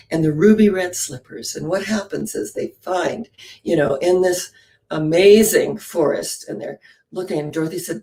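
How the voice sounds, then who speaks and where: A woman giving a spiritual storytelling talk, animated, often posing questions to her listeners. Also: lowish voice, a little slow. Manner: animated, poses rhetorical questions. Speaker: inspirational speaker.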